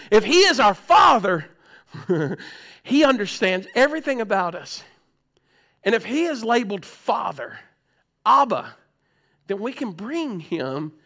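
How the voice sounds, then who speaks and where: A male pastor preaching a sermon in a plain, conversational way, swinging between soft and loud passages. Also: very high-pitched.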